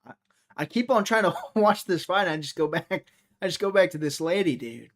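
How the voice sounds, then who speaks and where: A man's voice: high-pitched, expressive, normal speed. A man hosting a casual livestream, rambling and joking as he answers viewers' chat comments. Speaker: livestream host.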